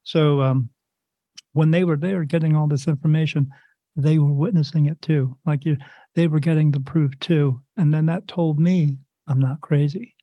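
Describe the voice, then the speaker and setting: A man telling a wild story in a slightly high, dry, dull voice. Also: moderate pace, no echo. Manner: animated, rambling retelling with quoted dialogue and sound effects. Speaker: guest. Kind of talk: casual storytelling.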